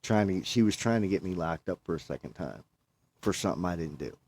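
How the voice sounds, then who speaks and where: Low-voiced man telling a rambling story. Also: expressive, brisk, vocal fry, darkish tone, slightly rough. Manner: rambling, repeats himself, quotes himself. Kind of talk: casual chat.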